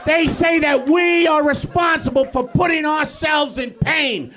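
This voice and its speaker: A male comedian on a live stage, shouting an exasperated, profane rant. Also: very high voice, unhurried. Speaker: comedian guest.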